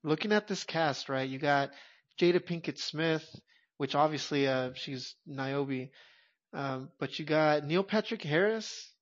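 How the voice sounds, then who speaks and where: Man, podcast co-host, casual movie chat, blunt and emphatic, swears often, slightly high voice, dull lo-fi sound. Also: unhurried. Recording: dull lo-fi audio.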